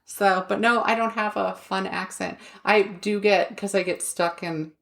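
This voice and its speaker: A woman's voice: mid-range voice, steady tone, measured pace, vocal fry, fairly bright tone. A middle-aged woman co-hosting a podcast in casual chat, talking freely, laughing often and swearing offhand. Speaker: podcast co-host.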